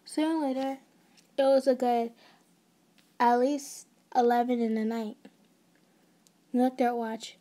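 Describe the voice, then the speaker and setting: A woman's voice: a little high, little pitch movement, unhurried, pauses often, warm tone. A woman narrating an ASMR fan story in a casual way, with restarts and side notes.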